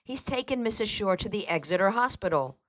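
A woman reads aloud, voicing a nervous middle-aged housekeeper who has a sharp, high-pitched voice and answers evasively and hesitantly. Her delivery is animated and brisk, close to an everyday voice.

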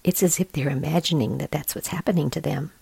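A middle-aged woman reading picture books aloud, gently describing the pictures in a soothing, often hushed voice. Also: deep voice, fairly even intonation, quick pace, creaky, husky, no echo. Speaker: reader of children's books.

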